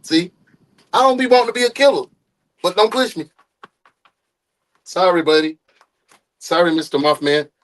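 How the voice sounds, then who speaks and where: A man whose voice sits unusually high for a man hosts a live stream in casual chat. He is loud and jokey and swears freely as he talks to his viewers. He sounds like a young adult. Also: expressive, normal speed, long pauses. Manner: loud, joking and profane.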